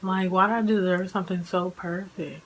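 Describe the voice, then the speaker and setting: A woman's voice: on the low side, fairly even intonation, normal speed, a bit bright, slight background noise, poor audio. A woman in her twenties, a vlogger chatting casually about her own experience, saying "like" often and laughing as she talks. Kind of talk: casual personal storytelling.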